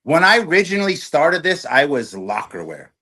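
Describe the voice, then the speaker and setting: A middle-aged man, a storage auction YouTuber, talking on a podcast as a guest in an animated, talkative way. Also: medium pitch, fairly quick. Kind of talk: casual podcast chat.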